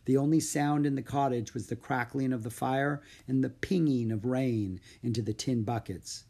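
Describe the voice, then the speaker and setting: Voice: mid-range voice, normal speed. An audiobook reader narrating a children's chapter book expressively, acting out each character. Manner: expressive, acts out every character.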